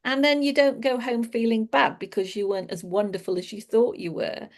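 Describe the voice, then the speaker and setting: A woman's voice: fairly high pitch, fairly even intonation, a little fast. A woman giving a casual, reflective spiritual talk, laughing often as she explains. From England. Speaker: spiritual teacher.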